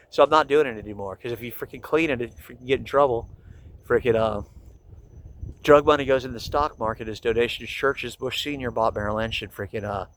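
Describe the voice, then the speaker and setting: A man's voice: mid-range voice, poor audio. A man talking in a rambling monologue, jumping between topics, restarting sentences and filling them with constant swearing. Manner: restless, restarts sentences often.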